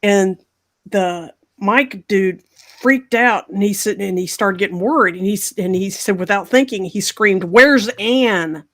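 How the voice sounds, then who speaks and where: Woman host, casual storyteller, lively, mid-pitched, slips into characters' voices. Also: unhurried. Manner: animated, acts out voices in the story. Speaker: podcast host.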